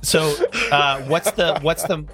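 A man's voice: on the high side, steady tone, slow, loud music behind the voice. A man running a tabletop game as game master, narrating the action and teasing his players.

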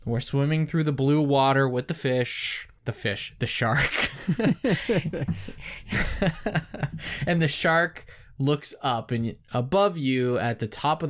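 Enthusiastic male podcast storyteller. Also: medium pitch. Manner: enthusiastic storyteller, animated bursts. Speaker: podcast co-host. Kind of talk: casual chat, retelling a commercial.

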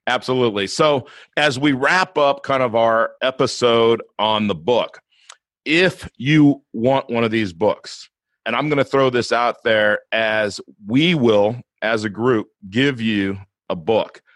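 A man's voice: medium pitch, slow, a bit bright, no room sound. A man hosting a podcast in a casual, earnest and enthusiastic way. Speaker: podcast host.

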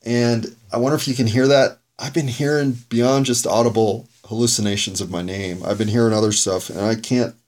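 A man's voice: medium pitch, fairly even intonation, fairly quick, hardly any pauses, darkish tone. A man hosting his own podcast, rambling through a reflective and self-critical solo monologue. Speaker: podcast host reviewing his own episodes.

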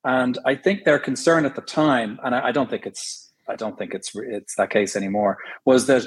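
Man, Irish accent, middle-aged, husky, laughs often, casual interview guest. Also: mid-range voice, normal speed. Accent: Irish, mixed with London and American. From Ireland. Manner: laughs easily, explains with examples, many fillers. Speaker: actor, guest.

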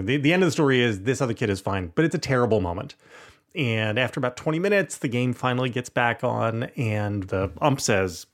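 A middle-aged man with a gravelly, fry-tinged voice, spinning a candid anecdote. He talks casually and animatedly on a podcast, swearing now and then. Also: medium pitch. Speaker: podcast co-host. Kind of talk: casual storytelling.

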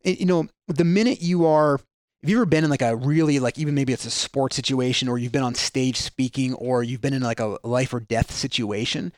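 A man's voice: a little high, dry recording, clean studio sound. A man explaining ideas earnestly in a podcast conversation, with frequent restarts and fillers.

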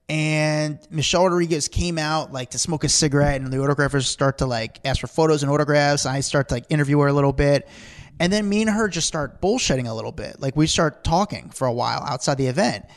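Fast-talking man telling stories on a podcast. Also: a little high. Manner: rambling, animated, acts out quotes. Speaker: podcast co-host. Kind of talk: casual storytelling chat.

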